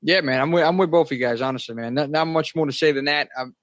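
A man's voice: on the high side, fast, dry recording. A man co-hosting a wrestling podcast who talks in a laid-back way, often ending lines with "man". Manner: laid-back, says "man" a lot, laughs easily. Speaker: podcast co-host. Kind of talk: casual wrestling chat.

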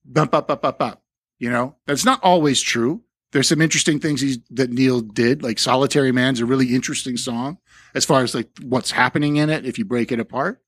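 A man's voice: medium pitch, a little fast, no echo, clean studio sound. A man co-hosting a podcast, chatting casually about music in a rambling, profane way, full of fillers and restarts. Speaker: podcast co-host.

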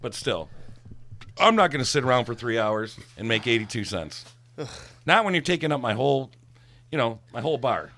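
A middle-aged man, a guest storyteller and former bartender, rambles through a long, swearing-laced story of his bartending days in casual talk. His medium-pitched voice moves at a moderate pace with frequent pauses, turning animated when he gets worked up.

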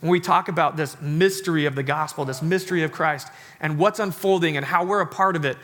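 A man's voice: a little high, fairly quick, a bit bright. A man in his thirties preaching to a church congregation, casual and joking, with many "like" fillers before turning to a sermon. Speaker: pastor. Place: church sanctuary.

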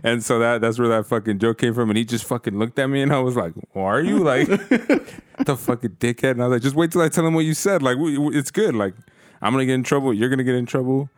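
A man's voice: mid-range voice, fast, no echo, studio quality. A man casually telling a profane story to friends, laughing as he goes.

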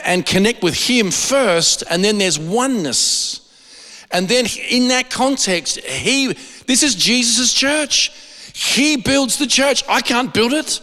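Australian pastor preaching in a reverberant hall. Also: male voice, sits high. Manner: animated, repeats words when stressing a point. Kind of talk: sermon.

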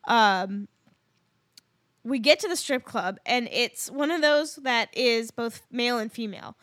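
A woman in her thirties co-hosts a casual podcast and tells a story full of rambling asides and laughter. Her voice sits high, and the recording is dry and close to the mic. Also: a little slow, a bit bright, dry recording. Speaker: podcast co-host.

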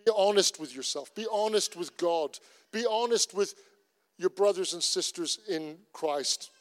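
A man's voice: high-pitched, measured pace. A middle-aged man with a Cornish accent, a pastor preaching a sermon in an earnest, conversational way with lots of repetition. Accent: Cornish English. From Cornwall. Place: church. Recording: long reverb of a church hall.

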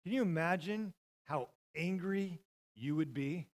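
A middle-aged man preaching with a high-pitched voice. He tells stories from the pulpit, leaping from loud, shouted bursts down to hushed, almost whispered lines. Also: measured pace. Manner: storytelling, swings from loud shouting to near-whispers. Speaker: pastor. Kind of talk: sermon.

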